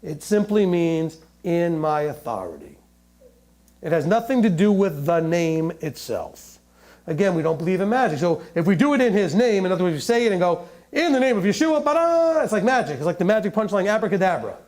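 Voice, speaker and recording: Man, sermon, high lively voice, animated, joking asides. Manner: animated, joking, reads scripture aloud slowly. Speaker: teacher.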